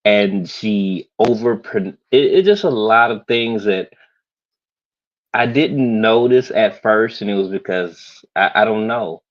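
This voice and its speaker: A man's voice: lowish voice, slow pace, no echo, muffled recording. A man chatting casually on a livestream panel, hesitant and restarting, with small chuckles. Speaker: panel guest.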